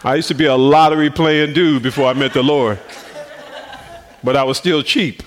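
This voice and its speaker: A man preaching on the radio, telling personal stories in an animated way and often laughing. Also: normal speed, some chatter behind. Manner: animated, laughs often, swings pitch widely.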